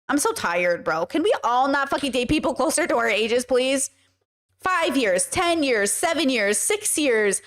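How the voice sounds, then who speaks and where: A woman's voice: sits high, big pitch swings, a little slow. A woman hosting a casual commentary stream, blunt and emphatic and swearing freely. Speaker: podcast host.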